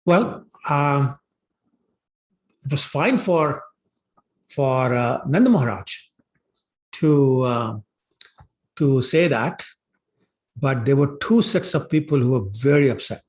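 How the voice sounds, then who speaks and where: A man's voice: medium pitch, animated, takes it slowly, pauses often. A man teaching a scripture class in a casual storytelling way, with many fillers, acting out what the characters say. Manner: conversational, many fillers like "you know", voices characters' lines. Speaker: class speaker.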